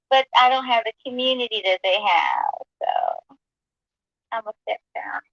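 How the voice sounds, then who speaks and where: A woman in a casual chat, lively and joking, laughing often. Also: fairly high pitch, gravelly, dry recording, dull audio. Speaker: chat room participant.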